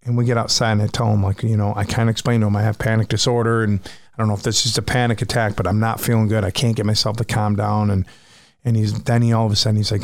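Frank, gravelly man telling a story. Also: lowish voice, little pitch movement, fast talker, no room sound, clean studio sound. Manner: frank and profane, vivid retelling. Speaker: musician recounting a personal story. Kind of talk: candid personal storytelling.

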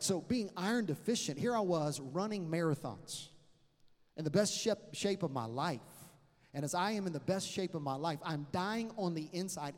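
Male preacher with a fairly high voice, lively and joking as he acts out dialogue, heard in a reverberant hall. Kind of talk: sermon with storytelling.

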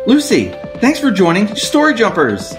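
Male host, higher voice, very animated, music playing behind. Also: moderate pace. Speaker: podcast host. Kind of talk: children's podcast hosting.

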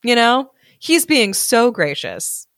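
A woman co-hosting a podcast, reading a fairy tale aloud and chatting about it in a lively, laughing way. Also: fairly high pitch, slow pace, no room sound, studio quality. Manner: animated, laughs often, voices quotes. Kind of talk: casual chat and storybook reading.

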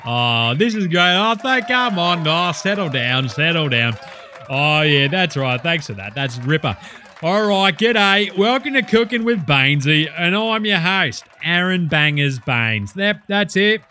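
A man's voice: fairly high pitch, animated, a little slow, bright, forceful tone, slight background noise. A man with an Australian accent playing a boisterous, crude male cooking-show host in a comedy parody. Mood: chuffed. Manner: hearty, crude, laid-back slangy banter. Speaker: comedy sketch performer.

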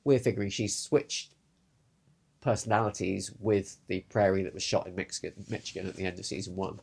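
Man excitedly unpacking a TV episode. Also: deep voice, fairly quick, vocal fry, breathy edge. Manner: animated, restarts often, acts out his own confusion. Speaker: podcast co-host. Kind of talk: casual chat about a TV show.

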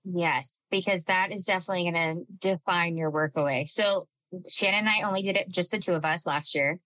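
Bright, emphatic woman podcast co-host. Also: lowish voice, brisk, poor audio. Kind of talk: casual podcast chat.

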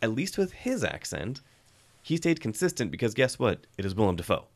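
A man's voice: mid-range voice, very animated, a little fast. A man co-hosting a film review podcast in casual chat, sarcastic and laughing often.

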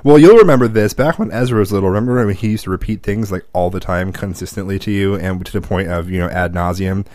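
A man's voice: deep voice, fast talker, hardly any pauses, a little mellow, no echo. Man, casual chat, laughs a lot, dry close sound, dad stories. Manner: joking, laughs often, acts out his kids' voices.

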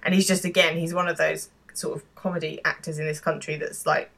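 A woman's voice: low-pitched, flat delivery, fairly quick, creaky, fairly bright tone. A woman co-hosting a podcast, chatting casually about a TV episode and acting out lines from its scenes. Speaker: podcast co-host. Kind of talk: casual chat recapping a TV episode.

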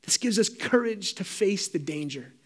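A man's voice: high voice, lively intonation, moderate pace, husky. A middle-aged man preaching a sermon as pastor, fervent and emphatic with repeated phrases.

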